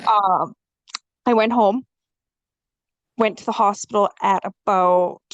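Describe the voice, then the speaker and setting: A woman's voice: mid-range voice, slow, no echo, lo-fi sound. A young woman guest on a casual podcast, telling her story frankly and with humor, swearing freely and acting out what people said. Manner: swears freely and acts out quoted dialogue; lively, frank and joking.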